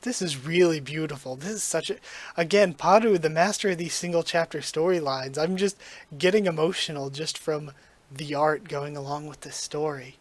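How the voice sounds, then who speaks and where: A man reading through a manga on his channel and reacting as he goes. He is excited and gushing, close to tears, and keeps tripping over his words. His voice sits a little high for a man. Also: moderate pace, dry recording. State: emotional, near tears.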